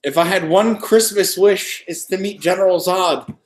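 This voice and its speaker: A man on a casual live-stream chat, telling a lively story and acting out the dialogue. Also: high voice, moderate pace. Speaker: co-host. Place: wine shop after hours, dim lighting.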